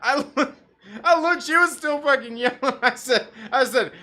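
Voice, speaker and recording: A man hosting a live stream, telling a profane, animated story in a casual rant with bursts of laughter. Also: very high-pitched, moderate pace. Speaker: livestream host.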